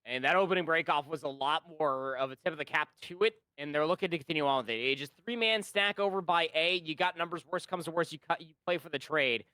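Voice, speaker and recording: Male esports color caster, slightly high, chatty and rambling, dry booth sound. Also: fast, hardly any pauses, pushed and bright, clean tone, no room sound. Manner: rambling, chatty analysis with many fillers. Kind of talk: live esports color commentary.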